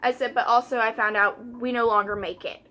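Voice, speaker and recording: A woman's voice: a little high, fairly even intonation, a little fast, sharp tone. A young woman, chatting casually while doing her makeup and retelling a story by quoting customers and coworkers. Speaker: vlogger.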